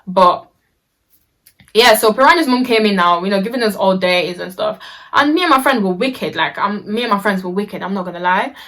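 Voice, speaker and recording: A woman's voice: medium pitch, animated, a little fast, fairly bright tone. Young woman for a casual storytime vlog: chatty and slangy, full of fillers and restarts.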